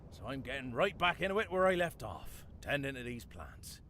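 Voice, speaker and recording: An actor voicing a dead older English gardener with a West Country accent, dry and darkly playful, in a video game. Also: male voice, medium pitch, sing-song, moderate pace, sharp tone, slight background noise. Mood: sly. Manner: wry, theatrical, darkly playful.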